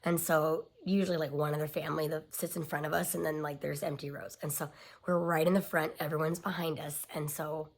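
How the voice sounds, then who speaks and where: A woman's voice: low-pitched, level tone, fairly quick. A woman in her thirties telling a personal family story in a confiding way, often dropping to a near-whisper.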